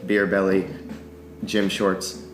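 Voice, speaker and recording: A man with a fairly low voice tells a long tale with lively energy, laughing and swearing as he goes. Soft music plays faintly in the background. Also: takes it slowly. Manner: animated storyteller, swears freely, laughs often. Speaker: podcast guest, musician. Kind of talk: casual storytelling.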